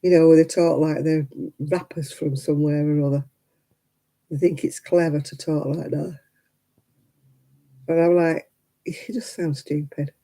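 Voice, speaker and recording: A woman's voice: low voice, steady tone, measured pace, long pauses, dark tone, low-quality recording. An older woman chatting on her craft livestream, ranting indignantly and rambling with plenty of fillers. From United Kingdom. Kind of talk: casual chat while crafting.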